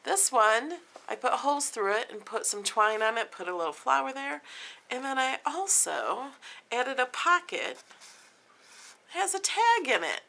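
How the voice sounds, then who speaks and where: A woman's voice: high voice, sing-song, measured pace, creaky, bright, forceful tone. A woman craft vlogger casually showing off her handmade gift boxes in a chatty, homey way. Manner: chatty, plain and homey, pointing things out. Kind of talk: casual craft show-and-tell.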